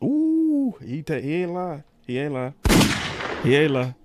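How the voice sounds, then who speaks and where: A man's voice: on the high side, wildly swooping pitch, unhurried, very noisy. A man co-hosting a stream, playful and laughing as he eggs the other speaker on. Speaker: co-host.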